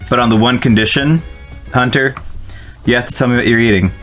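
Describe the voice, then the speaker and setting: A New Jersey man streams a video game with a medium-pitched, fairly bright voice, speaking fairly quickly over soft background music. His let's-play is casual: he chats with viewers, reads the game text aloud, and laughs and swears often.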